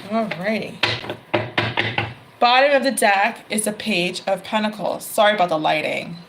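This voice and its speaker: A woman's voice: mid-range voice, normal speed, noisy background. A woman giving a casual tarot reading, chatty, laughing often and correcting herself mid-sentence. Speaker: tarot reader. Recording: card shuffling and clicks behind voice.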